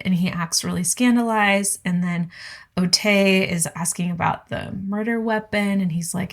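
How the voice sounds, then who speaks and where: A woman co-hosting a podcast, talking through a book in casual chat and acting out characters' lines in quick voices. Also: lowish voice, steady tone, a bit bright. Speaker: podcast co-host.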